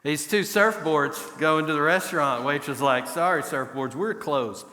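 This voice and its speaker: A man's voice: on the high side, normal speed, pushed and bright. A man performing live improv comedy, telling jokes in a dry, self-deprecating way. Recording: long hall reverb.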